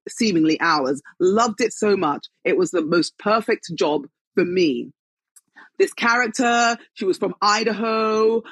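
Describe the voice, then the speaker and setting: A British woman, a guest actress, chatting in an interview and telling lively stories with frequent laughter. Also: mid-range voice, no room sound. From Britain. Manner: lively storyteller, laughs often. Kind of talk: casual interview chat.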